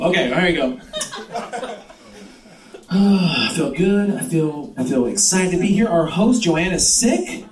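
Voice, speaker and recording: A high, very lively man works a pub crowd during a stand-up set, loud and laughing, with plenty of swearing. He is from a Mexican American background. The sound is roomy and a bit distant, with a clear crowd behind him. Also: measured pace, long pauses. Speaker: stand-up comedian hosting. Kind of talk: stand-up comedy. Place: pub stage with live crowd.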